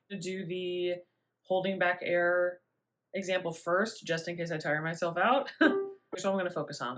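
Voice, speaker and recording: A young adult woman voice teacher explaining breathing in a relaxed, chatty way with little laughs. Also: fairly low pitch. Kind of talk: spoken singing lesson.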